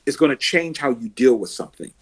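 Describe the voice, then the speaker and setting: A man working as an emotional success coach, a podcast guest who tells animated stories and acts out the people he coaches. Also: medium pitch, quick pace. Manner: animated storyteller, acts out quotes and heroic laughs.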